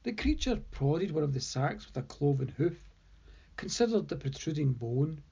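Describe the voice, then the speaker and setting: A woman hosting a story podcast, narrating in a measured, deliberate way. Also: low-pitched, big pitch swings, warm tone, husky, lo-fi sound.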